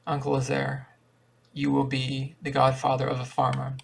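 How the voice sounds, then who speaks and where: Casting: man reading an earnest young mother, eager, husky and gravelly. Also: mid-range voice, monotone, moderate pace.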